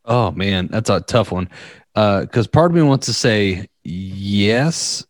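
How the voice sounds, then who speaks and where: A man's voice: fairly low pitch, animated, slow pace, no echo. A young man chatting casually, rambling through a story, often laughing and acting out the quotes. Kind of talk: casual podcast chat.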